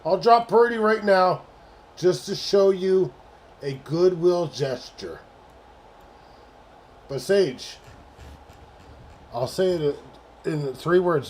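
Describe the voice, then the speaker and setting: A man's voice: high-pitched, animated, takes it slowly, long pauses, darkish tone, slight background noise. A man hosting a late-night sports livestream, talking casually and profanely to his chat about fantasy football trades. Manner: profane, exasperated banter with chat. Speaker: livestream host.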